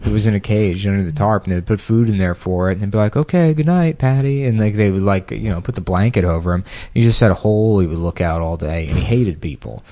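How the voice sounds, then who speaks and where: A man co-hosting a podcast, telling rambling stories in a deadpan way with lots of fillers, short on sleep. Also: low-pitched, fast, hardly any pauses. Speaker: podcast co-host. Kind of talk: casual crude banter.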